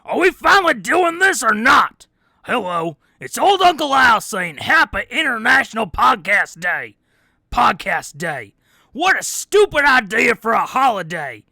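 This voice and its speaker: A man's voice: very high voice, big pitch swings, unhurried, gravelly, sharp tone, no echo, pitched above the performer's own voice, heavily acted. A man voicing a grumpy, scornful old man in a comedy podcast bit. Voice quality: cranky, scornful griping.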